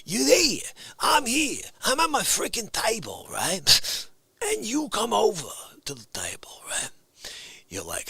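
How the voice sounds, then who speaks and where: This excitable male livestream host has a high, gravelly voice and an unhurried delivery, ranting comically and playfully at his chat. He swings between whispers and shouts during the animated stream, recorded dry.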